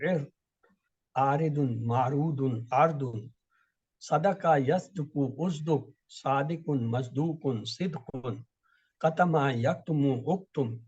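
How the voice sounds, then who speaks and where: A man teaching an online class, reciting word lists in steady drills. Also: on the high side, highs cut off. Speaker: Quran and Arabic teacher.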